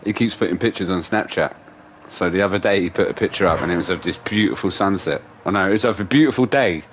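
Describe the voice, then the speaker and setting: A man's voice: sits low, fast, slight background noise. A young man streaming a racing game, chatting casually and teasing a friend, swearing freely. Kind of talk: casual gaming livestream chat. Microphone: gaming headset.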